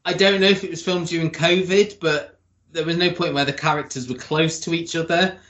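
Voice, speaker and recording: A man's voice: on the high side, fairly even intonation, brisk, a bit bright. A man hosting a TV review podcast, chatting casually with chuckling asides. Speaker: podcast host. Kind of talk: casual chat. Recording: roomy echo.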